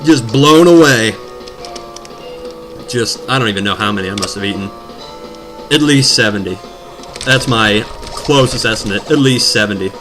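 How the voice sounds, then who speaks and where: A man's voice: fairly low pitch, normal speed, long pauses. A man rambling and joking as he commentates his own gameplay, drifting from topic to topic. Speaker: let's play commentator. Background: video game music.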